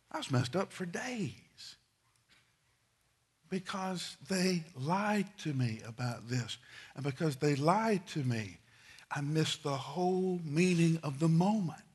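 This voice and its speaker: A middle-aged man preaching a sermon, telling stories and swinging from loud, quick asides to hushed, slow lines. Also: on the high side, animated, husky.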